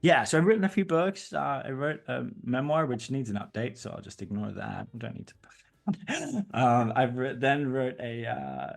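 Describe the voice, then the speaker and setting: A man from England, a guest in a casual interview, talking in an animated way and laughing often. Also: mid-range voice, normal speed, vocal fry, faint music behind.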